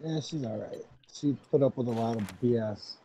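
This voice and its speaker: A man's voice: medium pitch, animated, normal speed, mellow, a little hiss or hum, low-quality recording. A man chatting casually, laid-back, mostly giving short replies. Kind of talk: casual chat.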